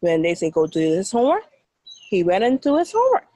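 A woman's voice: medium pitch, wildly swooping pitch, fairly quick, warm tone, no echo, rough recording. A Bahamian woman, a teacher, telling a dramatic story to children with sound effects and then asking questions.

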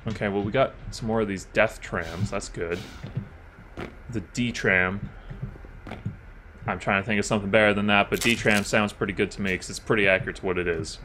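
A man's voice: on the low side, steady tone, fairly quick, sharp tone, a little hiss or hum. A man casually commenting on his video game playthrough, joking and talking back to the characters on screen. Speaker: gaming channel host. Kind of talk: let's-play commentary.

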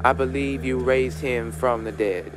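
A man voicing an elderly church woman who gently leads a young man through a prayer, slow and preacherly. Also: mid-range voice, steady tone, over a noisy crowd, natural voice. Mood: solemn leading.

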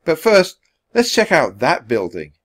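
A man's voice: fairly high pitch, wildly swooping pitch, a little slow, a bit bright, voice pushed up, exaggerated voice. Man doing a bookish young boy. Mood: explaining. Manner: explaining, matter-of-fact.

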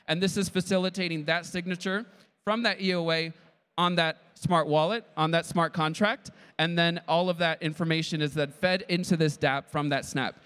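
A man's voice: sits high, a bit bright. A man giving a tech conference talk with a live demo, eager and keeps checking in with the audience. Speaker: conference presenter.

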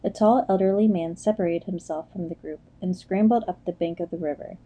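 A woman narrates an audiobook with measured, steady storytelling. Her voice is low and very dark and mellow. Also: muffled recording. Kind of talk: scripted narration.

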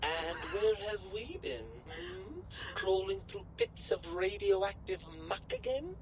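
Snide British-sounding disembodied brain. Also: male voice, high-pitched, very animated, slow pace, muffled recording, crowd noise, exaggerated voice. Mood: sarcastic. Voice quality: snide, arch, sarcastic. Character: condescending, pompous male disembodied brain.

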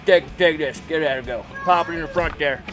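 A man's voice: fairly high pitch, a little fast, music in the background, pitched below the performer's own voice, lightly acted. A man playing a bossy, folksy lawn-care guy. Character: brash know-it-all male lawn-care guy.

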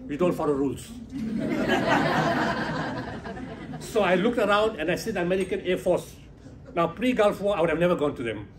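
Male keynote speaker, fairly high voice, lively anecdotal delivery with humor. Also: fast, some chatter behind. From South Africa. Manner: animated storytelling, acting out dialogue, laughing at own jokes. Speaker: keynote speaker, humanitarian founder. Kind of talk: humorous motivational speech. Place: conference hall before a business audience.

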